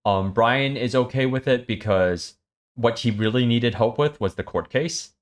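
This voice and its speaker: A man recapping and reading a web serial aloud, halting with many ums. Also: medium pitch. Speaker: story reader.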